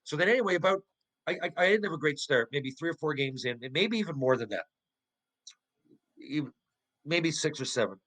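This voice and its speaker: A middle-aged former pro hockey player, appearing as a podcast guest, tells animated, profane stories in casual conversation, often restarting and tossing out rhetorical questions. His voice is a little high and brisk with frequent pauses, and the audio is poor.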